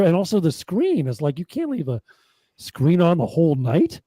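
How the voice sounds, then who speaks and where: A man in casual livestream chat who talks quickly and laughs often. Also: on the high side, wildly swooping pitch, dark tone, slightly rough, no room sound, rough recording. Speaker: podcast co-host. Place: home, on a livestream. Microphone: video call.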